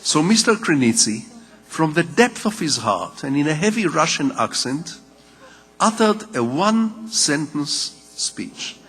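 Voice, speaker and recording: An older man with an Israeli accent, speaking in a husky voice that sits somewhat high for a man. He lectures in a measured, story-telling way, and his voice carries the long reverb of a big hall. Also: big pitch swings, a bit bright. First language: Hebrew. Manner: measured storytelling with rhetorical repetition. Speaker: writer giving a lecture. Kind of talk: public lecture.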